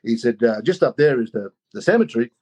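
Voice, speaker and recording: A man telling a personal story in an animated way, often saying "you know". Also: mid-range voice, quick pace, husky. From Australia. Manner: animated, acts out quoted voices, many "you know"s.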